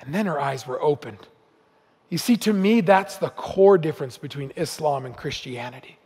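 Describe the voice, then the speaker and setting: A man's voice: on the high side, animated, normal speed, darkish tone, husky, big-room sound. A man giving a sermon as a guest speaker, earnest and building to emphatic outbursts. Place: church sanctuary.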